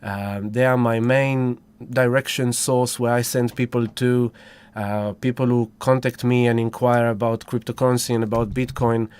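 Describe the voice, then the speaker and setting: A man's voice: medium pitch, little pitch movement, normal speed, darkish tone, clear, resonant tone. A man hosting a casual livestream, effusive and whooping as he greets viewers one by one. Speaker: livestream host.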